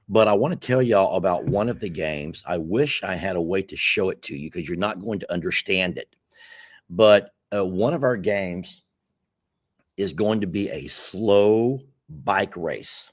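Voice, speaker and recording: A relaxed man chats casually, as if giving a home tour on a laptop. His voice sits fairly low, and the sound is dry and close, with almost no room around it. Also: normal speed, no room sound. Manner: relaxed, rambling, self-correcting. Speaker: host. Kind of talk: casual chat. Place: home and backyard. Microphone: laptop mic.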